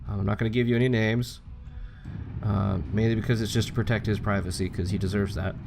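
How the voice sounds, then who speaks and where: A man's voice: fairly low pitch, little pitch movement, quick pace, gravelly, music in the background. A young man giving casual, rambling commentary while playing a game, chatting freely and swearing now and then. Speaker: gaming channel host.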